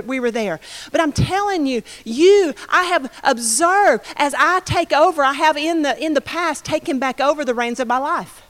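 Preaching woman, high voice, lively storytelling in a sermon, long reverb of a hall. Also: normal speed, few pauses. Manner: animated storytelling, acts out quotes. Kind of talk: sermon testimony.

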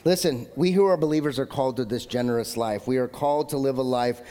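A male pastor in his thirties preaching a sermon in a conversational, joking way, swinging between loud emphatic lines and low asides. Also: fast. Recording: long hall reverb.

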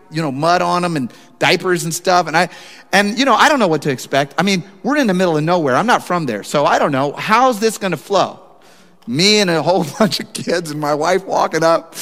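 Animated preaching man in a reverberant hall. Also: a little high. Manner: animated storytelling, direct address to congregation. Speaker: pastor. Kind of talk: sermon with personal story.

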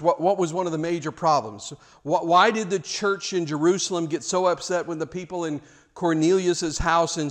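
A man preaching a sermon, emphatic, with rhetorical questions and repeated words. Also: a little high.

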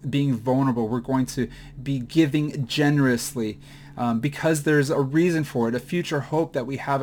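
A man giving a mid-week Bible teaching, halting with many fillers and restarts, at times choked up with emotion. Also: medium pitch, a little hiss or hum.

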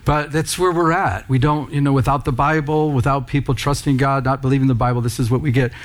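A man's voice: mid-range voice, fairly even intonation, brisk. A man preaching a sermon in church, talking conversationally and with emphasis, calling out to the congregation. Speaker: pastor.

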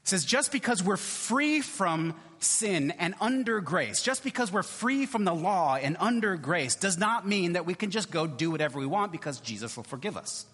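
A man's voice: sits high, big pitch swings, normal speed, hardly any pauses, a bit bright, long reverb tail. A male pastor giving a conversational sermon in church, often checking in with his listeners. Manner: conversational, repeats "right?" often.

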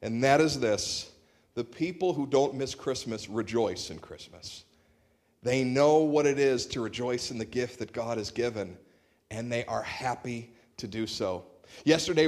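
A man preaching a sermon in a church, conversational and humorous, telling stories on a shared microphone. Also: medium pitch. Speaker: pastor. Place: church sanctuary.

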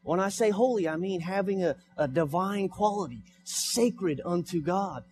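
A man's voice: high-pitched, normal speed, darkish tone, soft background music. A young man preaching a sermon in church, repeating his points with rising emphasis. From United States. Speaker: pastor. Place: church sanctuary.

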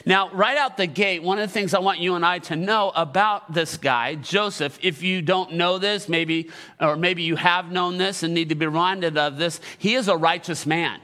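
A middle-aged male pastor delivers a sermon in a high, bright voice. He preaches with passion and emphasis. He keeps calling out questions for the church to answer back. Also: steady tone, moderate pace. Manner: call-and-response with the congregation.

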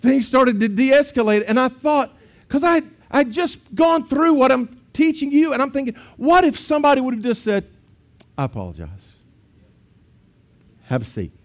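A man's voice: very high voice, moderate pace. A man, a pastor preaching a sermon in a conversational storytelling way with asides to the congregation.

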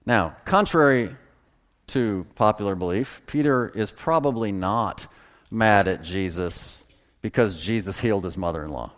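A man preaching a sermon as a pastor, folksy and animated, chuckling at his own jokes. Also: on the low side, unhurried.

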